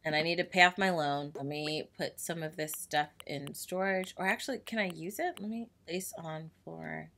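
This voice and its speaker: A young woman gaming YouTuber giving casual, excitable, self-mocking commentary as she plays. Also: low voice, normal speed, vocal fry, hardly any pauses, a little hiss or hum. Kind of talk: casual let's-play commentary. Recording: faint game music behind.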